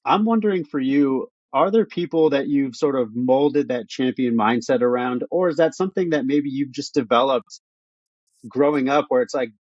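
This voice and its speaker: A man at a middle pitch hosts a podcast and asks long, thoughtful, rambling questions. His voice sounds dry and close, with a slightly dull, muffled tone. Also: moderate pace, no room sound. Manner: relaxed, thoughtful, winding questions. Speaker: podcast host. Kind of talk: interview questions.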